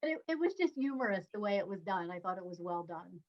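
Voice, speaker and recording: A woman guest on an online panel weighs her points in a thoughtful, analytical way. Her voice sits at a middle pitch. The call audio comes through dull and lo-fi. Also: very animated, fast. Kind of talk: casual panel discussion.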